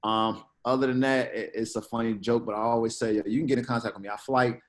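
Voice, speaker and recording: Man, guest, casual interview, animated, slangy, middle pitch. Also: fast, low-quality recording. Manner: animated, slangy, acts out quoted exchanges. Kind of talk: casual conversation.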